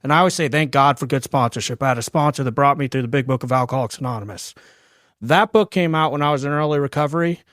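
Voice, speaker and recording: A man's voice: medium pitch, quick pace, fairly bright tone, no echo, clean studio sound. A man around forty co-hosting a podcast, speaking sincerely and from the heart. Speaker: podcast co-host. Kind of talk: podcast interview.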